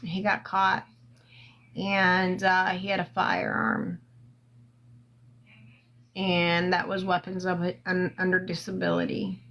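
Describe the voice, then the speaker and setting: A woman hosting a casual livestream, telling a long story into her phone in a rambling, halting way with lots of fillers and swearing. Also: lowish voice, completely flat delivery, a bit bright, low-quality recording. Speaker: livestream host.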